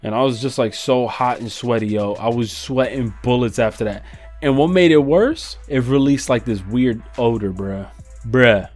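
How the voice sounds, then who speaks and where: A man's voice: mid-range voice, moderate pace, a little mellow, soft background music. A man telling a profane, slangy story in a casual vlog. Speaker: vlogger.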